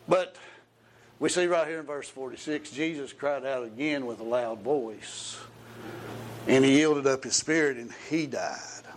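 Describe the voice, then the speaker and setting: A man's voice: medium pitch, measured pace, long pauses, slight background noise. A man preaching a folksy sermon, quoting scripture and breaking into praise.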